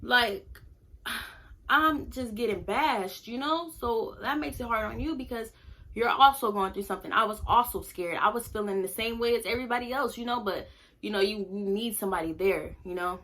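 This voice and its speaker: Bright-voiced young woman telling her story. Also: a little high, moderate pace. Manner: candid, conversational, many fillers. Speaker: vlogger. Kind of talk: casual storytime.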